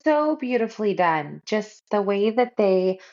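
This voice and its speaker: A woman's voice: medium pitch, sing-song, unhurried, darkish tone, highs cut off. A woman co-hosting a podcast in casual chat, reflective and readily agreeing. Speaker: podcast co-host.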